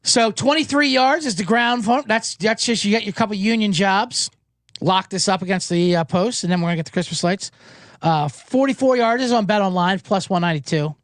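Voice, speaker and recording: A man hosting a sports betting show, talking casually and telling anecdotes with quick character voices. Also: high voice, no echo, clean studio sound. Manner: animated storyteller, doing quick voices in anecdotes.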